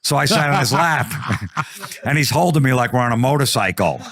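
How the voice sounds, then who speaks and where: A man's voice: mid-range voice, animated, normal speed, a bit bright. A man telling a profane comic story, acting out the quotes. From New Jersey. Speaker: comedian guest.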